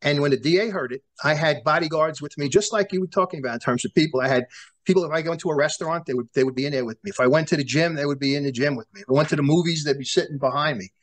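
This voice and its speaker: Animated New man telling stories. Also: fairly high pitch, rapid-fire. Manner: animated storyteller who acts out quoted dialogue, many restarts. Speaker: former prosecutor, guest. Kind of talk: storytelling in a sit-down interview.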